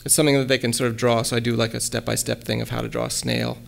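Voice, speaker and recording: A man giving a relaxed lecture at a college, hesitating often with ums and restarts and reading his own poems aloud. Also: mid-range voice, rapid-fire, gravelly. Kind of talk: casual lecture with poem readings.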